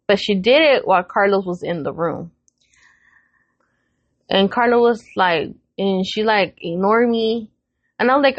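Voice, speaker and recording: A woman's voice: mid-range voice, moderate pace, pauses often, dry recording, muffled recording. A woman in her thirties on a podcast, telling a family story in casual chat, swearing freely and acting out what each person said. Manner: animated retelling with quoted voices, frequent swearing. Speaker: podcast co-host.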